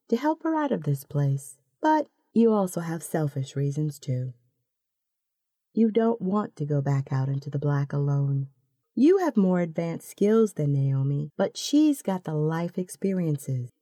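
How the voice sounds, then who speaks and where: Slow, mellow-voiced woman narrator. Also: fairly low pitch, no room sound, studio quality. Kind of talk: second-person story narration.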